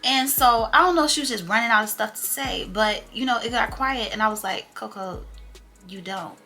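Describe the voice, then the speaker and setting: A young adult woman vlogger telling a story in casual, slangy, animated chat with a wry edge. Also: fairly high pitch, brisk, soft background music.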